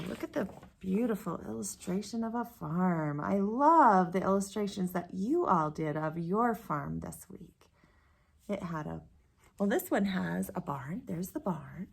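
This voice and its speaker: Her sing-song storytime voice swoops up and down as she reads slowly to little children, with a gravelly, slightly husky grain. She is a middle-aged woman teacher, unhurried and gentle, stretching her words out for young listeners. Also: fairly low pitch, slight background noise. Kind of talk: reading a picture book aloud to young children.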